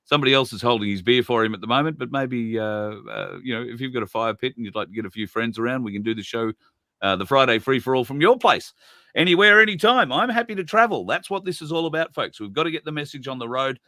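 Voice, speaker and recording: A man's voice: mid-range voice, fast talker, fairly bright tone, no echo. An Australian man hosting a live stream in a rambling, chatty way, laughing often. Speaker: host. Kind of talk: casual live-stream chat.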